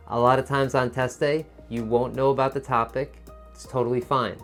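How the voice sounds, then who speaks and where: A man teaching a test-prep lesson in a patient, encouraging teacher voice, explaining step by step. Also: medium pitch. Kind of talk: instructional video lesson.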